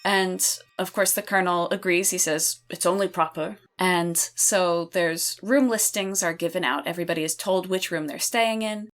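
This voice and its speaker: A woman running a tabletop role-playing game, narrating scenes in a measured, descriptive way. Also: on the low side, fairly even intonation, a bit bright. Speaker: game master.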